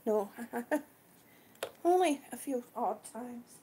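A woman's voice: a little high, expressive, extremely slow, mellow, a little hiss or hum. A woman hosting a casual live stream, a little out of breath, greeting her viewers effusively as sweetie and honey.

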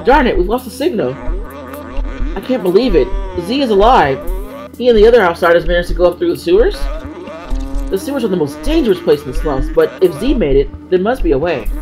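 A man's voice: sits high, a little fast, faint music behind, voice pushed up. A man voicing an earnest, upbeat male robot companion in a video game, talking eagerly. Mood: determined. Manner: excited, eager, hopeful.

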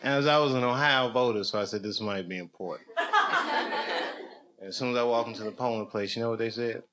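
Speaking a little fast, a stand-up comedian on a club stage rambles through a loose story, his voice dipping into mutters before climbing into loud, excited bursts. The recording, made live in the club, is noisy.

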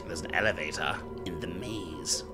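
A man's voice: sits low, normal speed. A man streaming a game with a friend, joking around and yelping at jump scares. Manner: animated, joking, bursts into laughs and startled yelps. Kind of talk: casual co-op game chat. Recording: game music audible behind voice.

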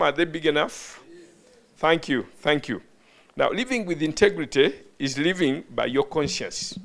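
Gravelly man preaching to a hall. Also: a little high. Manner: calls questions to the audience, stumbles and restarts. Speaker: bishop preaching. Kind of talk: sermon teaching. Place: hall with a live audience.

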